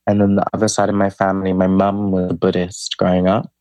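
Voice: low voice, monotone, fast, dark tone. A young adult spoken word poet, a guest on a podcast, telling stories casually and filling speech with "like". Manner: chatty, fills speech with "like", acts out quoted friends. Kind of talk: casual storytelling interview.

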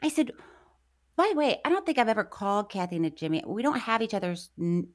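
A woman's voice: medium pitch, brisk. A woman co-hosting a podcast, telling stories in casual chat and laughing often. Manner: animated storytelling, laughs often. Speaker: podcast co-host.

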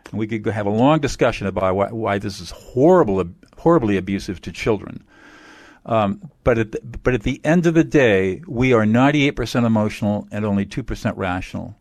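Male mediator guest, lowish voice, emphatic teacher-like explainer, close dry mic. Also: expressive, fairly quick, darkish tone, no room sound. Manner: emphatic, explanatory, repeats key phrases. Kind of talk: interview answers.

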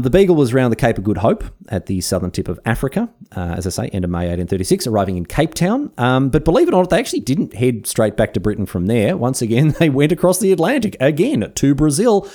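Animated Australian man hosting history. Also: fairly low pitch. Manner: irreverent, slangy, mock-indignant rants. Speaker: history podcast host. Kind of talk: comedic history narration.

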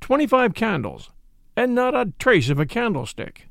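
A man's voice: sits high, sing-song, moderate pace, gravelly, fairly bright tone, no echo, studio quality, pitched above the performer's own voice, full character voice. A man voicing a confident former thief turned detective in a storybook reading, speaking in a decisive, matter-of-fact way.

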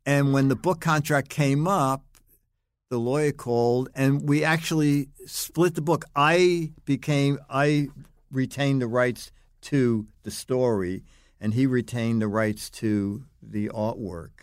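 Older man telling animated anecdotes. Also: mid-range voice, slow pace, no room sound, studio quality. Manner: animated anecdotes, acts out others' lines. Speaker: guest, longtime magazine writer. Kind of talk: podcast interview storytelling.

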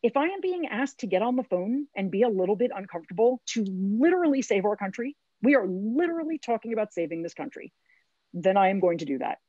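A middle-aged woman speaks in a chatty, earnest and encouraging way, like a community organizer coaching volunteers. Her voice sits at an ordinary pitch and sounds dry and close. The video call audio comes through slightly dull and lo-fi. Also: very animated, fast, warm tone, no echo. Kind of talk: conversational phone bank training on a remote call.

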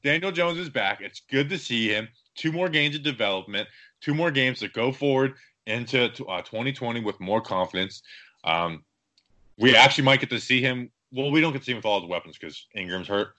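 A man's voice: mid-range voice, fairly quick. A young man co-hosting a casual sports podcast, rambling and joking through his stories. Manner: rambling, joking, animated storytelling. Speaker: podcast co-host.

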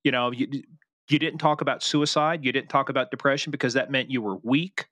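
A man's voice: mid-range voice, steady tone, fairly quick, bright, forceful tone, dry recording, studio quality. A middle-aged man hosting an interview, conversational and prompting his guest with questions. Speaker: podcast host. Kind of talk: casual interview.

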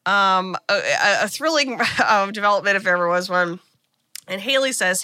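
A woman's voice: mid-range voice, a little fast, bright, forceful tone, clear, resonant tone, no room sound, clean studio sound. A woman co-hosting a podcast, retelling a movie plot in casual, chatty talk full of "like" and the odd swear word. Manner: chatty, frequent "like", swears freely. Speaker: podcast co-host. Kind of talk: casual film recap chat.

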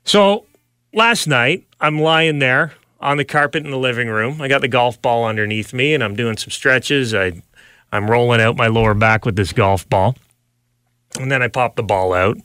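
A man hosting a podcast, telling a funny story about his week in a casual, animated way, jumping up in pitch when he quotes other people. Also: normal speed, smooth, no echo, clean studio sound. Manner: animated, jumps high when quoting others. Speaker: podcast host.

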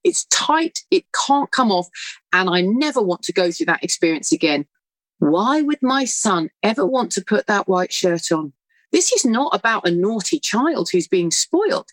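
A middle-aged woman with a British accent, speaking as an author guest and telling animated stories from her own life. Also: fairly high pitch, no room sound, poor audio. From United Kingdom. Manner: animated, quick, acts out voices in anecdotes. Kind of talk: conversational storytelling.

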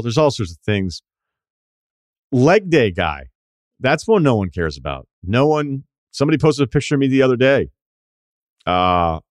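A man's voice: lowish voice, darkish tone, no echo, clean studio sound. A man hosting a podcast, ranting in a casual, sardonic and profane way. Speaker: podcast host.

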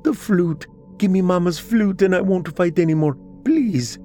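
A man's voice: high-pitched, measured pace, dark tone, soft background music, pitched above the performer's own voice. A man voicing a young girl who pleads desperately through sobs in a read-aloud story. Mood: desperate pleading. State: sobbing.

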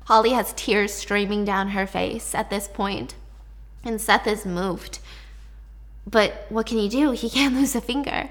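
A woman's voice: medium pitch, fairly even intonation, unhurried, fairly bright tone. A young woman casually retelling a dramatic story, chatty and full of fillers.

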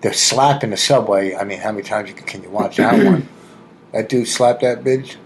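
A man's voice: fairly low pitch, brisk, a little hiss or hum, rough recording. Slangy man on a comedy podcast. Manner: loose, slangy, loud exclamations. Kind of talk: casual comedic chat.

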